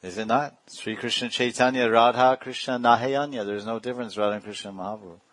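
A man's voice: mid-range voice, steady tone, quick pace, fairly bright tone, no echo. A man giving a devotional discourse as a spiritual teacher, talking in a digressive way and chuckling often.

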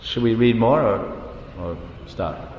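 A man gives an animated devotional talk, his voice ringing through a roomy hall with a long reverb tail. The sound is dull and lo-fi, with faint noise underneath. He tells stories with lively energy. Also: lowish voice, slow. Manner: animated storytelling, laughs, sings syllables. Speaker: preacher. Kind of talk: devotional class.

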